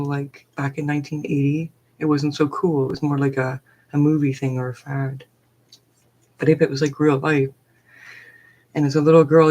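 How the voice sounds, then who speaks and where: A woman's voice: sits low, a little mellow. A middle-aged woman, a forest therapy guide, telling a personal story on a live stream in a chatty, rambling way full of fillers.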